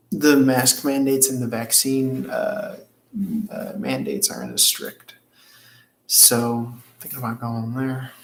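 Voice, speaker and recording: On a tarot livestream, a man chats casually and rambles, swearing often as he reads viewers' comments aloud. His medium-pitched voice has lively intonation, and he speaks slowly with frequent pauses. There's slight background noise, faint ambience, and a roomy echo.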